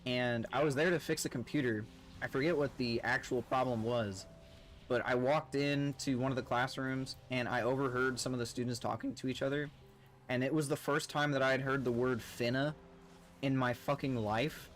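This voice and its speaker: While gaming with guildmates on stream, a man rambles through a funny work story, swearing freely and laughing at himself. His medium-pitched voice is fairly even and moves at normal speed.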